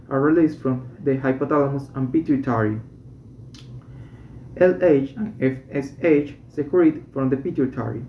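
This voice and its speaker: A man reading medical English textbook passages and exercises aloud, slowly and deliberately, stopping to correct himself. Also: mid-range voice, a little hiss or hum. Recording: dull echoey room recording.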